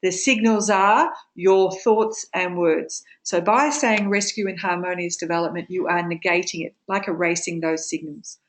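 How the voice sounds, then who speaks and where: A woman teaching a study group in a webinar, explaining steps slowly with frequent ums. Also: lowish voice. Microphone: webinar microphone.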